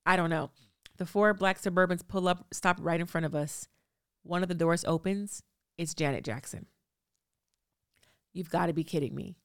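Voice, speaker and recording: A woman in her thirties hosting a podcast, telling a story in an animated, breathless way. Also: sits low, no room sound, clean studio sound. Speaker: podcast host.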